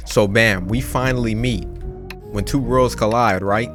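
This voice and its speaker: A young man telling a story in casual slang while playing a game, animated and swearing freely. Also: on the low side, moderate pace. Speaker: gaming youtuber. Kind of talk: casual storytelling over gameplay. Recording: game music in background.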